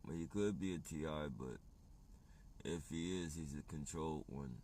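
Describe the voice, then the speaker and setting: A man's voice: rumbling low, moderate pace, dark tone, a little hiss or hum. A man chatting casually on a livestream, rambling and swearing, often laughing as he talks.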